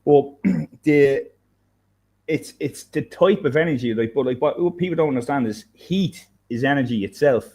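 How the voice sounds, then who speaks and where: A man in casual conversation who rambles and thinks out loud, restarting his sentences often. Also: mid-range voice, animated, normal speed, husky. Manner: rambling, many restarts and fillers, thinks aloud. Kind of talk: casual chat.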